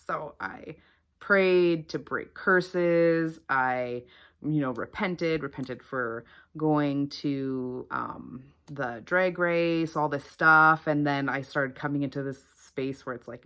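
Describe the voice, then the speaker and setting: Low-voiced woman sharing a faith testimony. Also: steady tone, slow, a bit bright. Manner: earnest, chatty, many fillers. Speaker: faith vlogger. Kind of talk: personal testimony to camera.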